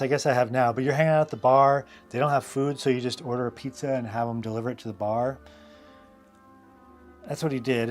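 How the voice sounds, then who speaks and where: A man hosting a live drawing stream, telling casual stories in a loose, rambling way full of fillers and asides. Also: medium pitch. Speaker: host and illustrator.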